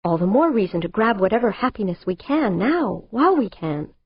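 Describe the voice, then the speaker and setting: A woman's voice: very animated, a little fast, slightly rough, dull audio. A woman playing a controlling rich man. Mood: insistent. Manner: low, tight, insistent. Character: wealthy, impatient older man, controlling and pleading.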